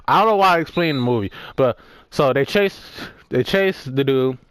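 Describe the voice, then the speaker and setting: A man's voice: mid-range voice, animated, normal speed, smooth, no echo. A young man of about nineteen, casually recapping a movie while playing a game, rambling and swearing with lots of laughs and fillers. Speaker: gaming vlogger.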